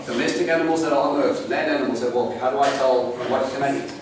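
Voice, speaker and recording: A man giving an earnest, animated bible teaching to a congregation and asking them questions. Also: mid-range voice, fast, a crowd in the background. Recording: echoey room from a distant mic, noisy.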